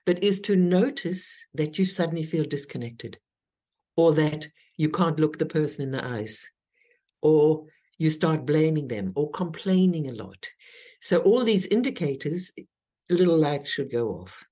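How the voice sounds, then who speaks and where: A woman's voice: sits low, warm tone. A woman, a guest teacher, talking earnestly in an interview and explaining her ideas step by step. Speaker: guest, intimacy teacher and author. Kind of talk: interview conversation.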